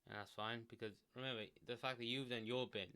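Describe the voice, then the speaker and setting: Quick-paced and smooth, this mid-range male voice belongs to a man seated at a desk mic sharing casual self-help advice alone. He's relaxed and rambling, leaning on "like," fillers, and restarts.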